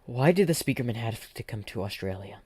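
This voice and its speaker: A man's voice: medium pitch, animated, fairly quick, darkish tone, slightly rough, dry recording. A man voicing a hapless speaker-headed agent who whines and complains. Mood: whiny. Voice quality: whiny, complaining.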